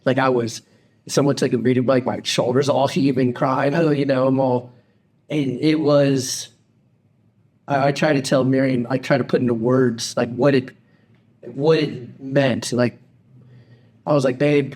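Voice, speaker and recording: A middle-aged man co-hosting a podcast, telling a personal story in a halting way with many restarts. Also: medium pitch, a little mellow. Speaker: podcast co-host. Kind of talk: casual podcast chat.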